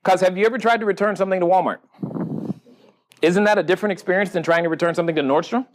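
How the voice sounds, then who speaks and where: A man's voice: sits high, very fast. A man hosting a live seminar, telling stories and asking the audience questions, acting out the dialogue as he goes. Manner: animated storyteller, quizzes the audience, acts out dialogue. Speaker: podcast host speaking at a live seminar. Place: event room with a live audience.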